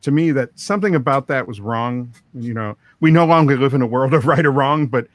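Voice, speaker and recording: Brief: middle-aged male producer, anecdotal, dry mic, mid-pitched. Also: a little fast, no room sound. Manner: rambling anecdotes with quoted dialogue and laughs. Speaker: record producer, interview guest. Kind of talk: storytelling interview.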